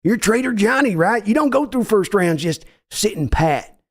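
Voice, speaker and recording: Brash older Texan owner played by a man, put-on drawl, bossy and folksy, pitched up high and lively. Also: normal speed. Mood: pushy, folksy. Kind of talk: comedic impression skit.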